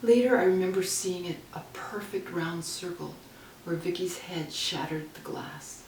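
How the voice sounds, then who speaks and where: A woman's voice: lowish voice, a little slow, darkish tone, slight background noise. Woman reading poetry, roomy and distant. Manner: dramatic, dynamic reading, drops to near whispers. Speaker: poet. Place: her home. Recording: roomy, distant home recording.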